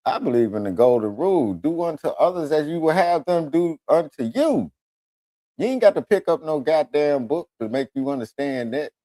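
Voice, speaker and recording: A man's voice: on the high side, moderate pace, no room sound. A man hosting a radio talk show, telling profane, comedic stories and often slipping into the voices of other people. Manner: animated storytelling, switches into voices of others.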